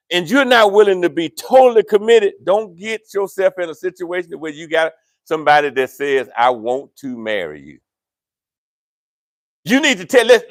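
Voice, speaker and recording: A male pastor preaches with swooping, lively intonation and a fairly high voice. He teases the congregation in playful asides, and the sound is dry and close. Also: no room sound. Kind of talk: sermon. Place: church sanctuary.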